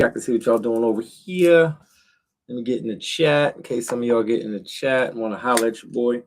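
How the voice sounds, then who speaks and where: A laid-back middle-aged man hosting a casual livestream from his backyard shed on a cold night. He talks straight to his viewers in a relaxed, slangy way, full of fillers and asides. His voice sits at an ordinary male pitch. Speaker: livestream host.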